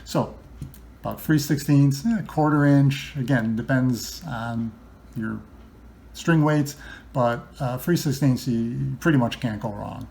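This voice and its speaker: With a warm, gravelly voice of medium pitch and an unhurried pace, a man who builds guitars walks through guitar setup. His casual instruction is chatty, with lots of ums and restarts.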